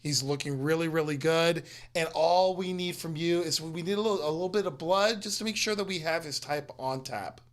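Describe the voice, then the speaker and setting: A woman's voice: sits low, fairly quick, few pauses. A woman improvising a comedy scene as a hospital worker, cheerful and overly polite.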